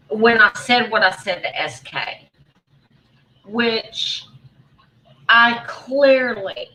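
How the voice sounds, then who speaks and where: A woman's voice: medium pitch, bright, forceful tone, low-quality recording. A woman hosting a casual livestream, rambling and aggrieved as she talks through her grievances and greets chat viewers by name. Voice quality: rambling, repeats and restarts. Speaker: livestream host.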